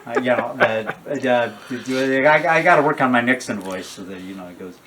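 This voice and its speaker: A man's voice: medium pitch, moderate pace, few pauses, recorded from a distance, background noise. An older man, a horror filmmaker, talking casually in a rambling, digressive way with many restarts and asides.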